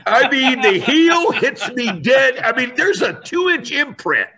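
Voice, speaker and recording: A man telling a story in a lively, animated way, acting out voices and raising his voice for effect. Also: very high voice, slow.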